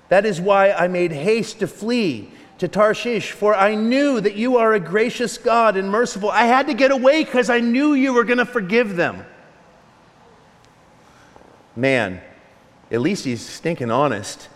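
A man preaching a sermon as a pastor, animated and conversational, with laughing asides. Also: high-pitched, long reverb tail.

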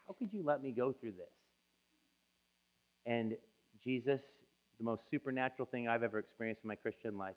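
A man preaching a sermon as a pastor, telling his own story in an emotional, confessional way. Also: lowish voice. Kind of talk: sermon testimony. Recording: tinny phone-like sound.

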